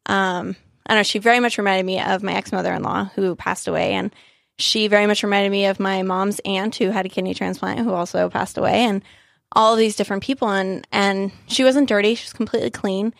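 A woman's voice: mid-range voice, fairly even intonation, a little fast, gravelly, no echo, clean studio sound. A woman in her thirties telling a personal story in casual chat, earnest and emotional, acting out what people said. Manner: earnest, emotional retelling with quoted dialogue.

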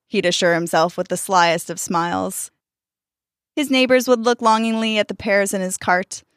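Woman storyteller, expressive scripted narration, dry close recording. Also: medium pitch, dry recording. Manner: expressive, voices the characters.

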